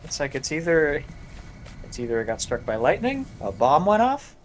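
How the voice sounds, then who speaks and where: A man's voice: fairly high pitch, wildly swooping pitch, normal speed, faint music behind. A man in casual chat, chiming in with dry comments.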